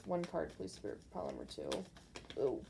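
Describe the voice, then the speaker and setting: A woman's voice: low-pitched, huge pitch swings, a little fast, creaky, noisy background. A woman doing a casual pick-a-card tarot reading, rambling and speaking intuitively to viewers with lots of fillers.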